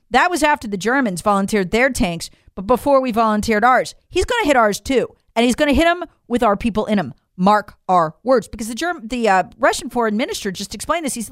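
A woman holds forth in a political commentary monologue, her delivery emphatic and incredulous as she speaks straight to her listeners. Her voice sits fairly high and swings widely in pitch. The sound is smooth and clear, recorded dry and close. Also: very animated, moderate pace, no echo.

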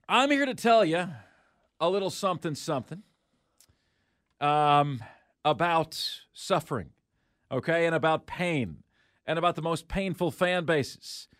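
Radio host: lively man, fairly high voice, dry close studio sound. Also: unhurried, long pauses, no echo. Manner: energetic, animated, laughs often. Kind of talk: sports talk radio. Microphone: studio microphone.

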